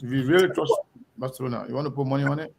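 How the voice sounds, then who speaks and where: A man's voice: medium pitch, steady tone, rapid-fire, gravelly, a little mellow. A man on a talk show who teases the host and stumbles over his words.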